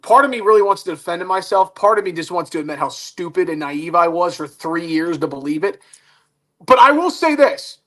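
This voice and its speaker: A man, a guest on a talk show, telling a story in a lively, self-mocking way. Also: high-pitched. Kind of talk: casual radio talk show chat.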